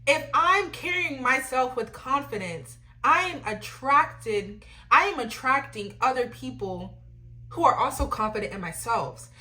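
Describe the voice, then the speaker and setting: Unhurried and high-pitched, this young woman podcast host rants energetically with forceful faith-based advice. She keeps checking in with "you know what I'm saying."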